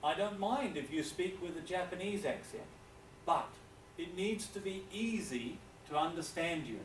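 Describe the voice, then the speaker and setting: A man from New Zealand with a New Zealand accent, giving a classroom lecture as a teacher and pausing often to check in with his students. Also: high voice, lively intonation. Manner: deliberate, checks in with frequent "okay?". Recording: echoey room, distant mic, faint hiss.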